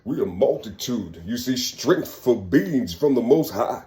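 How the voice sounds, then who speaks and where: A man ranting in a preachy, profane spiritual monologue, often shouting and checking in with the listener. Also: medium pitch, big pitch swings, a little slow, echoey room. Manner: preachy, profane, keeps asking "you see"; bursts into shouting and laughter.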